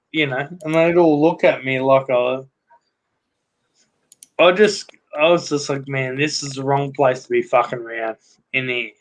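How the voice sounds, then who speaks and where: A middle-aged Australian man spins a rambling story in casual chat, cursing freely. He speaks slowly, with a voice set a little high for a man. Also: low-quality recording. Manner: rambling, swears constantly, laughs through the story. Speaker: livestream host.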